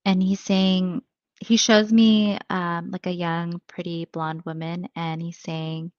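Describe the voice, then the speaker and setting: A woman's voice: fairly low pitch, flat delivery, slow, dry recording, muffled recording. A woman psychic medium giving a live reading in a chatty, thinking-aloud way, full of fillers.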